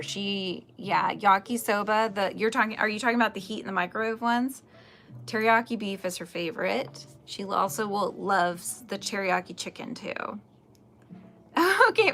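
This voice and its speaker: A woman's voice: medium pitch, vocal fry, a bit bright, slight background noise. A woman in her forties hosting a casual crochet livestream, chatting and answering viewer comments with frequent laughs. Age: 40s. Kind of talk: casual chat while crocheting.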